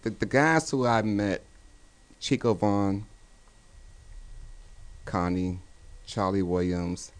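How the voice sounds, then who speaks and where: A man who once played pro basketball, talking casually as an interview guest and repeating his words. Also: lowish voice. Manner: repeats himself, quick laughs, agreeable.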